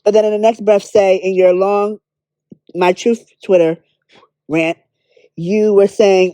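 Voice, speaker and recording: A woman's voice: medium pitch, fairly even intonation, slow pace, long pauses, mellow, dry recording. A woman giving her candid, blunt opinions in a casual commentary vlog, swearing freely. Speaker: beauty drama commentator.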